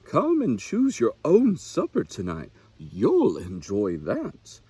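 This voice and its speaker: A man playing a gentle mother owl. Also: mid-range voice, huge pitch swings, slow pace, breathy edge, dry recording, voice pushed up, full character voice. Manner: soft and reassuring. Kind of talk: storybook reading.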